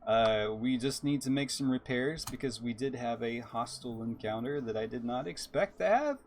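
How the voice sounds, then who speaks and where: A man's voice: medium pitch, moderate pace, slight background noise. A man from Texas, chatting and musing as he streams a space game live. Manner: musing, chatty, reads out chat. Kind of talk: live gameplay commentary.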